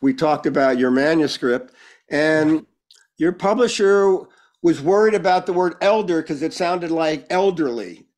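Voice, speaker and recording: A man's voice: on the high side, a little slow. A man as guest in a conversational interview, telling stories with jokes and asides. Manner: animated storyteller, jokes and asides. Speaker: guest speaker.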